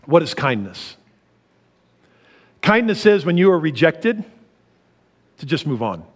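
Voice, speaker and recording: A middle-aged man preaching a sermon, animated, laughing often and swinging from loud to soft. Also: on the high side, takes it slowly. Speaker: pastor.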